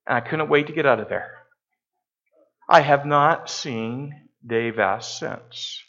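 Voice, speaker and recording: A man's voice: medium pitch, takes it slowly, fairly bright tone. A middle-aged man from Canada, a pastor telling a story in a conversational, self-deprecating way during a sermon in a church. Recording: muffled lo-fi church recording.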